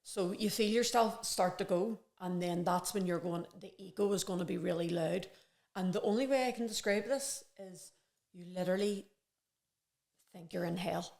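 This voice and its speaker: A woman's voice: lowish voice, moderate pace, vocal fry, darkish tone. A woman, a podcast guest in casual conversation, talking earnestly and reflectively in long, rambling runs.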